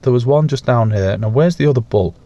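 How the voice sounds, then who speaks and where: A man's voice: mid-range voice, a little fast, mellow, dry recording, highs cut off. A young man giving casual, self-mocking commentary while playing a survival game, swearing now and then and tossing in playful sound effects. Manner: makes playful sound effects and coos at pets. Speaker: gaming YouTuber.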